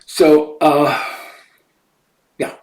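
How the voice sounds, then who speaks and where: A man's voice: a little high, little pitch movement, very slow, roomy sound, distant mic, rough recording. A man hosting a casual monologue, meandering and often correcting himself. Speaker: host. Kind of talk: casual talk to camera.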